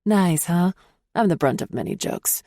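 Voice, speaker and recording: A woman's voice: fairly low pitch, expressive, moderate pace, dark tone, no room sound, clean studio sound. A woman voicing a chatty grandmother in her late forties who jokes about herself. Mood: wry. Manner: wry, self-mocking.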